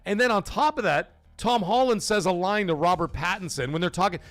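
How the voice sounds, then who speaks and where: A man in his thirties hosts a live gaming podcast and rants hotly and profanely about what bugs him. His voice has a gravelly, creaky edge, and faint music plays behind him. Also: high-pitched, a little fast, a bit bright, no echo. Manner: heated, profane, opinionated ranting. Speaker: podcast host.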